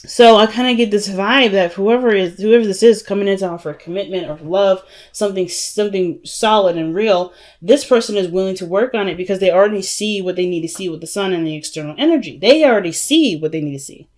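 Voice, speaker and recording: A woman's voice: mid-range voice, fast talker, hardly any pauses, darkish tone. A woman giving a casual tarot reading to her viewers, chatty and emphatic, calling them family and y'all. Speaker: tarot reader.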